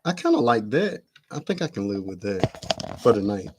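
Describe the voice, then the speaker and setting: A man's voice: fairly low pitch, very animated, moderate pace, slight background noise. A man hosting a casual livestream from his home, chatting and muttering to himself as he adjusts his camera, picked up by the camera mic. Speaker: livestream host. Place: at home, indoors.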